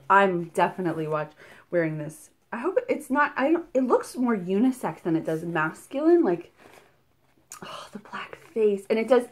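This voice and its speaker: A woman vlogging casually as she unboxes a subscription box at night, chatty and excitable, gushing over each item and a little out of breath. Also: medium pitch. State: slightly out of breath. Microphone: camera mic, filming at night indoors.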